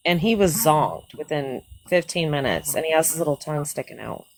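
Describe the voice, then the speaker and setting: Brief: deep-toned woman guest, easygoing profane chatter. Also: animated, fairly quick, low-quality recording. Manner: profane, chatty, fond talk about her dogs. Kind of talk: casual livestream chat.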